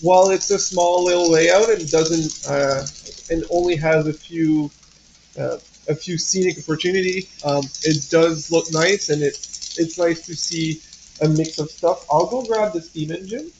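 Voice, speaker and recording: A man's voice: on the high side, unhurried, a little mellow, muffled recording, a little hiss or hum. A man with a French Canadian accent, hosting a casual model train livestream from home, rambling with lots of fillers and restarts. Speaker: livestream host.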